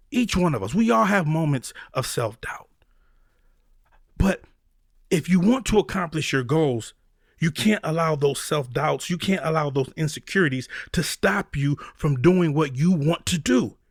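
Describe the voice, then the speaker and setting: Animated, preachy motivational man. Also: a little high, a little slow, no room sound, clean studio sound. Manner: preachy, animated, acts out voices of critics. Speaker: podcast host. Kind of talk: motivational talk.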